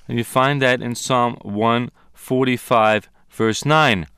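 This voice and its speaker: A man's voice: mid-range voice, fairly even intonation, takes it slowly, few pauses, sharp tone, clean tone, no echo, clean studio sound. A man teaching a sermon on scripture, emphatic and dramatic when acting out quoted voices. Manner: emphatic, dramatic quoting of disciples. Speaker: Bible teacher.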